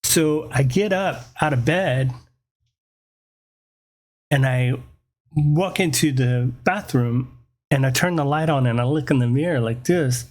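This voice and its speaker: A man telling a personal story in a casual, animated way, swearing freely and often checking in with "right?". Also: medium pitch, unhurried, pauses often. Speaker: podcast host.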